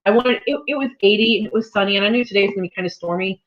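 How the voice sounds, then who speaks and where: A woman's voice: mid-range voice, racing. A woman hosting a casual farm livestream from home, chatty and rambling, laughing often. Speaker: farm channel host. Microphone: laptop mic. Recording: slightly dull lo-fi livestream audio.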